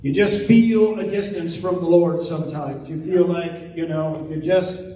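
Middle-aged male pastor, high voice, preaching with big swings from hushed to loud, church echo heard from a distance. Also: a little slow, slight background noise. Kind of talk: sermon. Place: church sanctuary.

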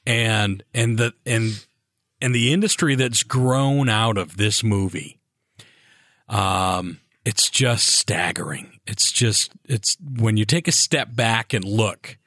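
A man's voice: fairly low pitch, slow pace, fairly bright tone, no room sound, clean studio sound. A man co-hosting a podcast, speaking earnestly and reflectively in casual chat, often restarting his sentences. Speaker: podcast co-host.

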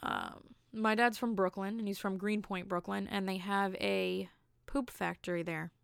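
A young woman hosts her own podcast, chatting through stories in a loose, self-amused ramble full of jokey asides. Her mid-pitched voice carries a gravelly fry, and the close mic sounds dry and intimate. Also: fairly even intonation, a little slow, no room sound. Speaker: podcast host. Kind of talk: casual solo podcast storytelling.

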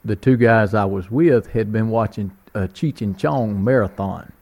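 A man with a North Louisiana country accent hosts a relaxed conversation. His voice is mellow and warm, and he laughs easily while he spins his stories. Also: on the low side, unhurried. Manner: chatty, laughing storyteller. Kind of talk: casual chat.

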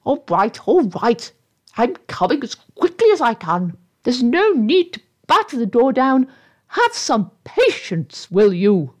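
A rude unseen doorkeeper barks at visitors, impatient and mocking, as a woman storyteller puts the voice on. The delivery is pitched a touch high and slides around a lot. It sounds like a character voice from a storybook reading. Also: expressive, moderate pace, hardly any pauses. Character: rude, scornful invisible doorkeeper behind a door.

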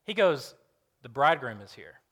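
Bright-voiced young man preaching conversationally. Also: medium pitch, sing-song, normal speed. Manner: conversational storytelling, acting out quoted voices. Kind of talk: sermon.

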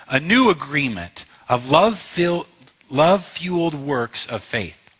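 Male pastor, sermon delivery, bright forceful tone with a husky edge, emphatic and passionate. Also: on the high side. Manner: impassioned, emphatic preaching with repeated phrases.

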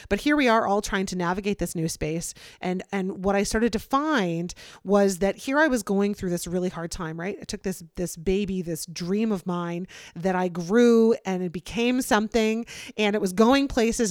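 A woman's voice: medium pitch, dry recording, clean studio sound. A woman hosting a solo podcast, talking openly and without filter in a conversational way with frequent fillers. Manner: open, unfiltered, conversational with many fillers. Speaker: podcast host. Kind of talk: candid solo podcast monologue.

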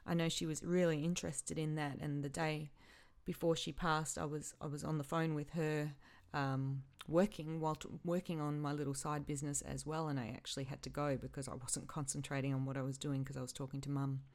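A woman hosting her own podcast, speaking haltingly and with feeling as she grieves, often stopping and repeating herself. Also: deep voice, level tone, a little mellow. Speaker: podcast host. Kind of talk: personal podcast monologue.

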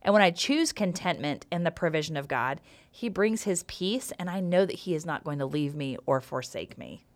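A woman's voice: deep voice, lively intonation, normal speed. A middle-aged woman co-hosting a faith podcast, telling a personal story with playful humor. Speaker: podcast co-host.

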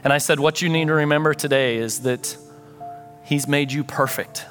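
A man's voice: fairly high pitch, steady tone, moderate pace, fairly bright tone, soft background music. A man pastor delivering a sermon, telling a story with earnest feeling and acting out prayers and conversations.

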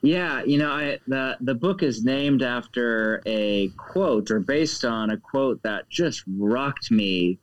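American male guest author, animated, expressive, mid pitch. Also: takes it slowly, hardly any pauses, lo-fi sound. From United States. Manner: animated, expressive, laughs along. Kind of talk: casual interview chat.

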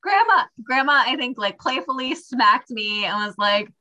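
A young woman co-hosting a podcast, telling a family story in casual chat with a sarcastic, animated delivery. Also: sits high, moderate pace, low-quality recording. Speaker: podcast co-host.

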